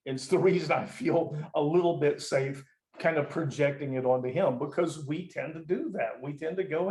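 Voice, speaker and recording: Brief: male preacher, casual emphatic teaching, slightly high voice, echoey room. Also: normal speed, darkish tone. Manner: conversational, emphatic, with frequent restarts. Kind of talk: teaching sermon. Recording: roomy echo.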